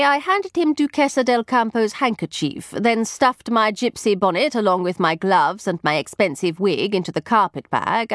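A woman narrating a first-person audiobook in an expressive, lively storytelling manner. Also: fairly low pitch, dry recording, clean studio sound.

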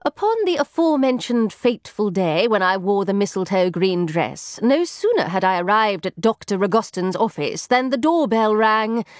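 A woman reading a first-person novel aloud in a mid-pitched voice, prim and wryly arch. The studio sound is dry and close. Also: big pitch swings, normal speed, few pauses, dry recording. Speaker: audiobook narrator. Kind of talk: scripted first-person narration.

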